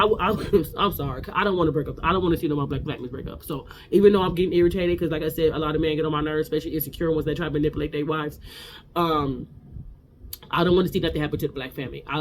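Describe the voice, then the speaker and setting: A woman's voice: deep voice, slight background noise. A woman hosting a casual reality TV recap. She talks bluntly and fierily, with slang and lots of repetition.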